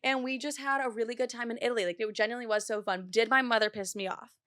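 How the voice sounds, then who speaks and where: A woman's voice: fairly high pitch, fairly even intonation, fast, a bit bright, dry recording, clean studio sound. A young woman in her twenties hosting a podcast, chatting casually, filling her talk with "like" and swearing freely. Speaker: podcast host. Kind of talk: casual chat.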